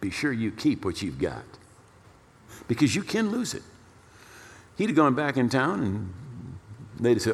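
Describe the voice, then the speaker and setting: Man, pastor, storytelling sermon, lively swings in pitch, repeats words for emphasis. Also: unhurried, creaky, long pauses. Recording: long reverb of a large hall.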